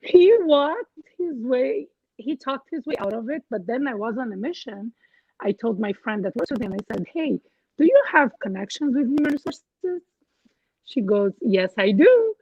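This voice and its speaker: A woman telling a personal story in casual chat, animated, acting out what others said. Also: fairly high pitch, moderate pace, slightly rough, dry recording, highs cut off. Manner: animated, quotes others in her stories. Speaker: guest co-host.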